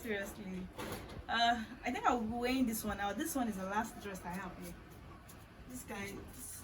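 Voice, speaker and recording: A young woman, chatting excitedly to camera as she unboxes gifts, gushing and laughing often. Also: medium pitch, moderate pace, music in the background, rough recording. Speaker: vlogger unboxing birthday gifts. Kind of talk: excited casual chat to camera.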